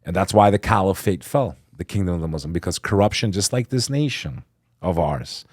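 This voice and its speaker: A man as a podcast guest, telling a story with fervor, swinging between loud emphasis and hushed asides. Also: low voice, expressive, brisk, no room sound, studio quality. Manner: acts out quoted speech. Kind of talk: impassioned storytelling in conversation.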